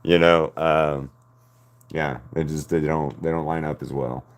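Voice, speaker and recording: A man's voice: very deep voice, flat delivery, measured pace. An American man chatting casually with his stream audience while drawing, rambling from one thought to the next and laughing often. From United States. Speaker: artist streaming to chat.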